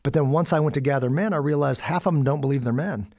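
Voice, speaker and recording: A man's voice: fairly high pitch, quick pace, a little mellow. A middle-aged American man, a podcast guest, telling a story in casual chat. He acts out the quotes and laughs often. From United States.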